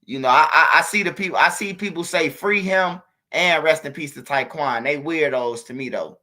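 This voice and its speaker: A man's voice: a little high, moderate pace. A man telling a street story to his viewers in a casual, slangy, profane way, talking straight at them. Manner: animated, slangy, profane, addresses viewers directly, imitates gunshots. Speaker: street news commentator.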